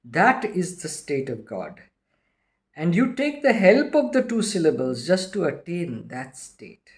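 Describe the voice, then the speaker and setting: Male reader, high voice, very expressive pitch, reverent measured narration. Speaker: reader of a spiritual text. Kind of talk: scripted narration of a spiritual discourse.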